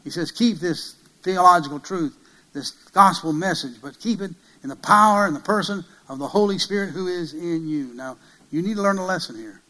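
A man preaching a sermon, emphatic, swinging from loud peaks to hushed passages and asking many rhetorical questions. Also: sits high, moderate pace, rough recording.

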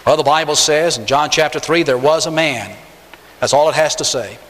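A man preaching with an emphatic style, his fairly high voice leaping upward on the words he wants to stress. His voice rings out with a long reverb trail, as if from a big sanctuary. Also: moderate pace, fairly bright tone. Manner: emphatic preaching, swings pitch up on key words. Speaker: pastor. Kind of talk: sermon.

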